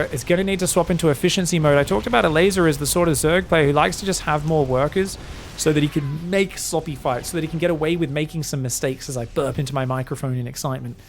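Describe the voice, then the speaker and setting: A man casting an esports match solo, excitable and jokey, with casual swearing. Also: fairly high pitch, slight background noise. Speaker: esports commentator. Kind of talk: solo game commentary.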